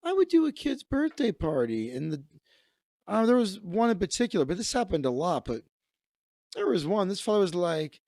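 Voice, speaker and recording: A man's voice: high voice, sing-song, moderate pace, vocal fry, a little mellow, no echo, studio quality. A man around thirty, a comedian and magician hosting his own livestream, telling stories in a profane, rambling way. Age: 30s. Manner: profane, rambling, self-interrupting. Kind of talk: casual comedic rant.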